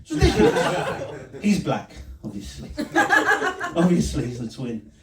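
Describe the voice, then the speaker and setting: A man's voice: mid-range voice, big pitch swings, a little slow, dark tone. Rambling self-mocking man on stage. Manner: rambling, self-mocking, frequent laughing asides. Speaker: stand-up comedian. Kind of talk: stand-up set and vlog commentary. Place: small pub comedy room. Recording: echoey room recorded from a distance.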